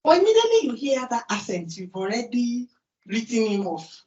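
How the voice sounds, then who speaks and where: Nigerian woman giving a lively conference talk. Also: fairly high pitch, moderate pace. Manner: lively, asks the audience questions and answers them herself. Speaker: conference speaker. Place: large conference hall. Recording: distant, roomy, dull hall recording.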